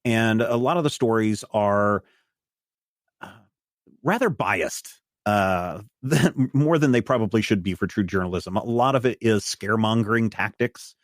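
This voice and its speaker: A man narrating as game master of a tabletop game, rambling with many pauses and fillers. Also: fairly low pitch, no room sound, clean studio sound. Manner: rambling, many "uh"s and restarts while describing.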